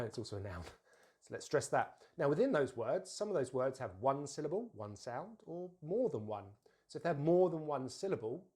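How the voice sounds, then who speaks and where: Man teaching English pronunciation, slow and deliberate. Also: mid-range voice, a little mellow. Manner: slow, deliberate model words, repeated for practice. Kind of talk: pronunciation lesson.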